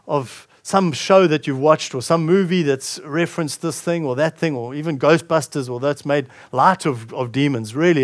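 A male pastor preaching a sermon, reading scripture aloud and commenting on it with frequent restarts. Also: a little high.

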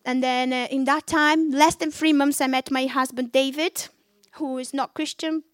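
A woman's voice: sits high, steady tone, normal speed, dry recording. A woman giving her Christian testimony to young people, fervent and exhorting, speaking English with non-native grammar. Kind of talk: testimony preaching to a young audience.

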